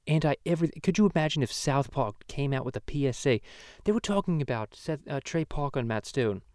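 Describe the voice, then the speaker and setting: A man's voice: medium pitch, lively intonation, quick pace, a little mellow, dry recording, clean studio sound, natural voice. A man voicing a foul-mouthed cartoon baby, ranting profanely and rambling in a comedic podcast. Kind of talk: comedic podcast rant in character.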